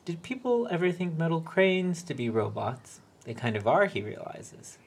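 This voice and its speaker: A man reading a short story aloud in a wry, deadpan way. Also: fairly high pitch, normal speed, husky. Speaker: reader.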